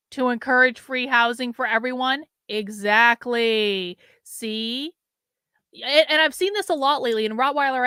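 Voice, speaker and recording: A woman hosting a livestream, talking back to her chat with a sarcastic edge and many quick restarts. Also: on the high side, pushed and bright, clean tone, no room sound. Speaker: show host. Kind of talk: livestream commentary.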